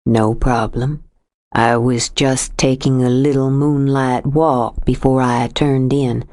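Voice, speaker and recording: A woman voicing a menacing male stalker who speaks in a low, syrupy, exaggerated Southern drawl, in an audiobook reading. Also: steady tone, darkish tone, dry recording. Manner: slow, sweet, menacing.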